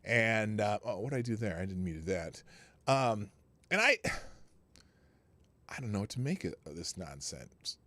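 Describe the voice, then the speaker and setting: A man's voice: fairly low pitch, sing-song, moderate pace, pauses often, pushed and bright, no room sound. A middle-aged man hosting a live show, telling a long exasperated story in a rambling, casual way. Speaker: livestream show host.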